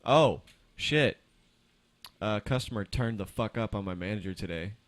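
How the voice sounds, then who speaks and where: Young male co-host, low-ish voice, animated storyteller who acts out quotes and curses casually. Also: normal speed. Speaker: podcast co-host. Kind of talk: casual chat among friends.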